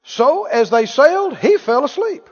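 A man preaching a sermon, animated, asking the congregation questions and acting out scenes. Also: extremely high pitch, measured pace. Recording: reverberant church hall, dull lo-fi sound.

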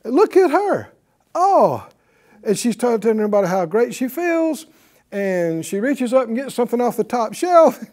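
In a broadcast lesson, a Bible teacher talks conversationally, often throwing rhetorical questions at the audience and chuckling through the story. The voice is medium-pitched, very animated, slightly dark in tone, and moves at a normal speed.

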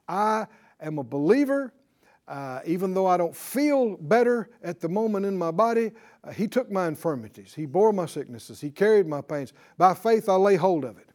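Animated, high-voiced preaching man. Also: normal speed. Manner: lively preaching with frequent laughs and "right?" asides. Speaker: pastor. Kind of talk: sermon.

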